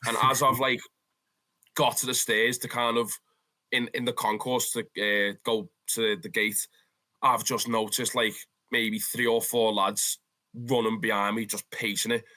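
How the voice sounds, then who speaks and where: A young man with a Scouse accent, a football fan telling stories in a casual interview, animated and swearing freely. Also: mid-range voice, unhurried. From Liverpool, England. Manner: animated, swears freely, calls the listener "lad".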